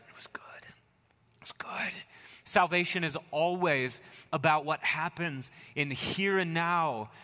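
A middle-aged American man preaching a sermon, telling family stories in a relaxed way and dropping to a soft hush to stress a point. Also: fairly high pitch, in a large hall. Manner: conversational storytelling, dropping to soft near-whispers for emphasis. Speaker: pastor. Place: church sanctuary.

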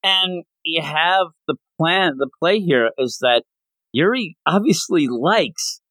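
A man hosting a casual manga podcast, retelling scenes in an animated way and slipping into quick character voices. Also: a little high, no room sound. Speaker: podcast host.

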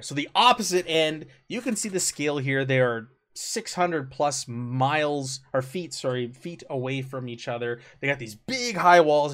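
A man's voice: fairly high pitch, fairly bright tone. A man running a tabletop game as game master, narrating casually with many fillers.

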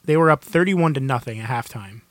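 A man chatting on a podcast, excitable and quick to laugh, often restarting his sentences. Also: mid-range voice, no echo, clean studio sound. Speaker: podcast co-host. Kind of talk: casual chat.

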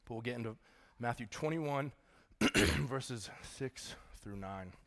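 A man's voice: mid-range voice, takes it slowly, fairly bright tone. A man, a pastor giving a sermon in a church auditorium, casual and joking with the congregation.

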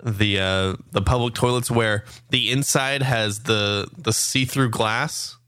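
A man co-hosting a morning show in casual chat, excitable and giggly, often tripping over his words. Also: medium pitch, slow, clear, resonant tone, no echo, studio quality.

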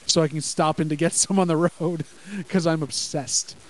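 A man co-hosting a casual wrestling podcast, rambling quickly and enthusiastically with the odd swear word, on a home mic over a group call. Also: a little high, steady tone, poor audio. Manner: rapid, enthusiastic rambling with profanity. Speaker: podcast co-host. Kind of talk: casual live-reaction chat.

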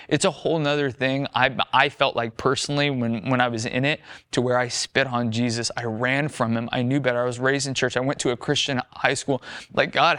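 A man's voice: medium pitch, fairly bright tone, no room sound, clean studio sound. A young man earnestly telling his personal faith testimony, acting out his own past words and others' in a conversational storytelling way. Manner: earnest, storytelling, frequent "like" and quoted self-talk. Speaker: former firefighter sharing testimony.

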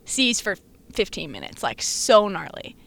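A woman in her twenties, chatting as a podcast guest and telling her story in a lively, slangy way with frequent laughter. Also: mid-range voice, measured pace, vocal fry. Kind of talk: casual chat.

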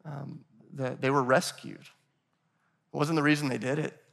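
A man's voice: medium pitch, fairly even intonation, unhurried, gravelly, fairly bright tone. A man preaching a sermon in a church, talking casually and calling the congregation "guys.". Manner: acts out quoted voices of scripture figures. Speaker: pastor. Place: church in Nashville.

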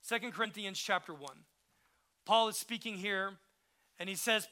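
A male pastor preaching a sermon with passion, swinging from hushed, tender moments to emphatic peaks, full of conversational asides and quick restarts. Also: high voice.

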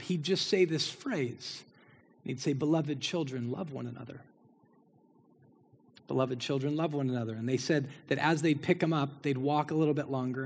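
Pastor preaching in a reverberant sanctuary. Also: male voice, fairly high pitch, slightly rough. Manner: preaching with swelling emphasis and repeated phrases. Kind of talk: sermon. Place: church sanctuary. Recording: long hall reverb.

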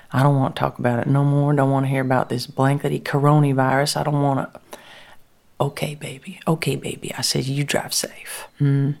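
Gravelly-voiced woman spinning a folksy monologue. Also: rumbling low, a little mellow. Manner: folksy, rambling, drops to whispers. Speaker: storyteller. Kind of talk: dramatic first-person monologue.

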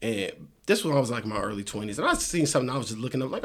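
A young man joins a podcast chat as a guest, jumping in and arguing his points. He talks quickly, with a lively, swooping pitch and a somewhat husky tone. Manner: animated, argumentative, quick to jump in. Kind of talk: casual chat.

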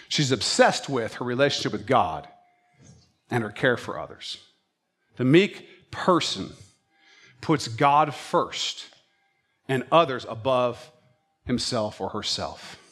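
Male pastor, slightly high voice, very lively pitch, animated storytelling sermon. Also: husky. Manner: animated storytelling preacher who acts out his pets' thoughts.

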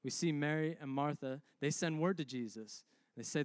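A man's voice: a little high, normal speed, no echo, clean studio sound. Casual, joking young male pastor. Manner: conversational, humorous, animated. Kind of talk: sermon.

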